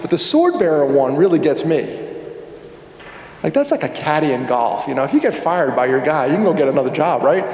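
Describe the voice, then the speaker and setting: Male conference speaker, chatty storyteller who works the crowd, voice a bit high, in a reverberant hall. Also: very animated, brisk, darkish tone. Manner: conversational, jokey, asks the audience questions. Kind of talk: storytelling keynote talk. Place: large hall with an audience. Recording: echoey hall, long reverb.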